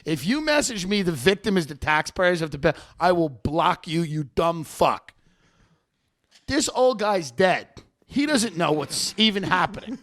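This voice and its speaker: Brash, gravelly high-voiced man storyteller. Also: a little slow. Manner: brash, profane, animated. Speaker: podcast host. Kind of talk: comic storytelling monologue.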